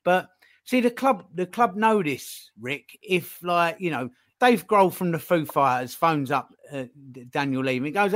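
Podcast guest, male, slightly high-pitched, animated and chatty. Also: measured pace. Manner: animated, acts out phone calls in put-on voices. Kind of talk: casual podcast chat.

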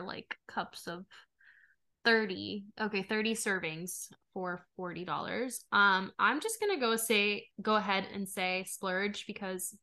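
A woman's voice: mid-range voice, gravelly, sharp tone. A young woman co-hosting a podcast in casual chat, talkative and giggly, full of "like" and "um". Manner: chatty, giggly, fillers like "like" and "um". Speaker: podcast co-host.

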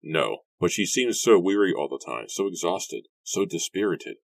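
A man's voice: low-pitched, lively intonation, normal speed, vocal fry, no echo, full character voice. A man voicing a gloomy, brooding young man in a storybook reading, speaking in a subdued, worried way.

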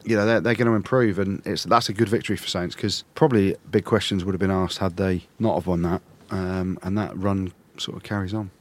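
A man hosting a casual rugby podcast, chatty and quick to laugh, rambling through match analysis. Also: low-pitched, fairly even intonation. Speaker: podcast host.

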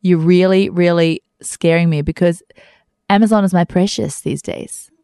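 A woman co-hosting a podcast in casual chat, with deadpan, contrarian humor. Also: fairly low pitch, normal speed, gravelly, clear, resonant tone, dry recording, studio quality. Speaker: podcast co-host.

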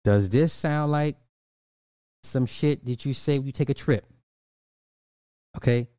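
A man's voice: medium pitch, unhurried, warm tone, no room sound. Guy going off on a rant, cussing, says stuff twice, dry close sound. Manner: blunt, profane, repeats lines for emphasis. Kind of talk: casual commentary rant.

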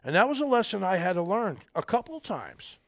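A middle-aged army veteran speaking as a podcast guest, earnest, rambling and folksy, with a gravelly voice. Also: male voice, high voice, big pitch swings, a little fast, fairly bright tone, no echo. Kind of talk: casual interview talk.

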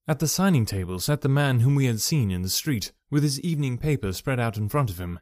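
A man narrating a classic detective story with steady storytelling. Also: medium pitch, fairly quick, no room sound, studio quality. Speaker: audiobook narrator.

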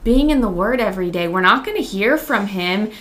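A woman's voice: medium pitch, lively intonation, a little fast, fairly bright tone. A woman, a mother, co-hosting a faith podcast, talking in an upbeat, direct way. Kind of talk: faith-based casual chat.

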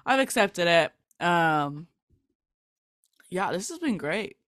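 A woman's voice: fairly low pitch, expressive, takes it slowly, a bit bright, no echo, clean studio sound. A young woman hosting a podcast in casual chat, laughing often and swearing freely as she tells stories. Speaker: podcast host.

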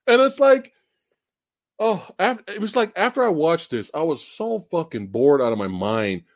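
A man hosting a casual chat, ranting and cursing with big bursts of laughter. His voice sits a bit high and swings widely in pitch. The sound is close and dry, with no room around it. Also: animated, normal speed, no room sound. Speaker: host.

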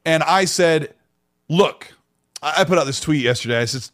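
A man co-hosting a gaming podcast, with a speaking voice that sits a little high. He keeps a laid-back, agreeable tone and reads out messages from the chat. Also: moderate pace, long pauses, fairly bright tone. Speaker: podcast co-host. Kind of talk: casual chat.

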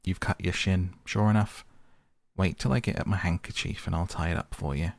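A man's voice: low-pitched, fairly even intonation, a little fast, gravelly, dry recording, studio quality. A man voicing an eager, practical male water rat who speaks impatiently and insistently. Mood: kindly.

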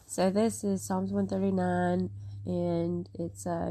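Speaking slowly in a lowish, warm voice with a flat delivery, this woman rambles casually and emotionally about her faith, nearly crying, then reads scripture aloud. She's a faith vlogger whose voice sounds a bit rough today, recorded with no room sound.

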